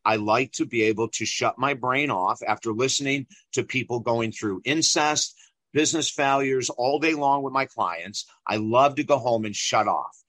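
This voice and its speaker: A middle-aged man, a guest in an interview, telling a personal story in a lively way and acting out the dialogue. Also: medium pitch, moderate pace, dry recording. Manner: animated storyteller who acts out dialogue.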